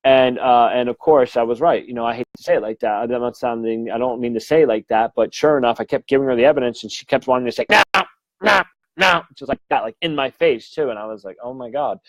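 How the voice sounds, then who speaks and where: A man's voice: mid-range voice, fast talker, hardly any pauses, darkish tone, no room sound, poor audio. A man, middle-aged, a medium giving a frank, rambling live-stream talk full of fillers and swearing. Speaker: medium and mentor.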